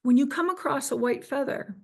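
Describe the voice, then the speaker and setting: A woman's voice: high voice, brisk, vocal fry, a little mellow. Earnest woman telling her story. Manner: earnest, restarts and quotes herself. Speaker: interview guest. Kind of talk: personal storytelling.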